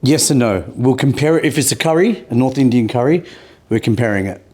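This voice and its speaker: A man's voice: medium pitch, lively intonation, fairly quick, a little mellow, slightly rough. A man with an Australian accent, a podcast guest talking casually and explaining his points with rhetorical questions. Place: podcast studio.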